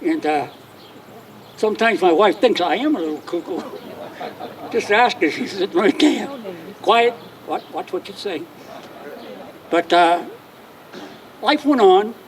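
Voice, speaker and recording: A man's voice: high-pitched, animated, measured pace, pauses often, distant mic, a little hiss or hum. An older man, a retired detective telling wry anecdotes to an audience and acting out the dialogue. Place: outdoor public dedication ceremony.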